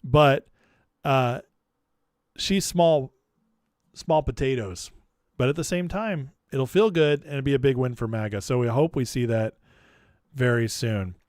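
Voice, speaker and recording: A man's voice: mid-range voice, a little slow, pauses often, darkish tone, no echo, studio quality. A man hosting a political commentary vlog, talking in a chatty, opinionated, offhand way. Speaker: host.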